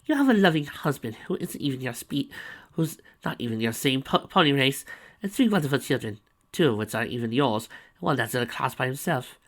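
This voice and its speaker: A man doing a haughty, high-strung unicorn lady. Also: expressive, brisk, a bit bright. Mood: plaintive. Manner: theatrical, indignant, high-strung. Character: haughty dramatic unicorn woman, fashionable. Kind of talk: fan fiction read aloud.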